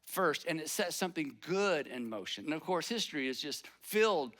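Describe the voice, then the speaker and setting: A man's voice: on the high side, animated, normal speed, a bit bright. A man preaching a conversational sermon, acting out little bits of inner dialogue as he goes. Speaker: pastor.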